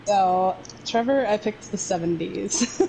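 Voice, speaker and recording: A woman's voice: medium pitch, takes it slowly, vocal fry, warm tone, slight background noise, rough recording. A woman co-hosting a casual podcast chat with friends, rambling with lots of fillers and laughs. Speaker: podcast co-host.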